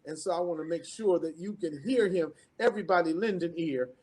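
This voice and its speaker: A man's voice: fairly high pitch, a little fast. A man hosting an online business event, introducing the next speaker in a rhythmic, preacher-like style with repeated calls to the audience. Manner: preacherly, rhythmic repetition, rising to excited calls. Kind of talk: energetic motivational introduction.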